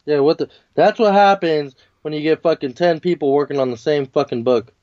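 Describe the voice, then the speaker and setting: A man's voice: on the high side, fairly quick, darkish tone, dry recording. A laid-back man chatting about a comic book, cursing easily and pushing back on his friend. The recording is dull and a little lo-fi, dry with no room around him. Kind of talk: casual chat.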